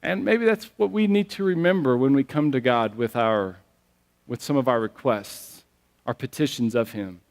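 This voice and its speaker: A man preaching a sermon as pastor, telling stories in an animated, conversational way. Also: medium pitch, normal speed. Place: church sanctuary. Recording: long church hall reverb.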